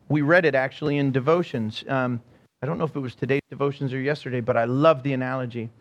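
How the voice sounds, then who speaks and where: A middle-aged man preaching a sermon in a church, animated and storytelling, acting out quotes and often laughing. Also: mid-range voice, highs cut off. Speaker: pastor.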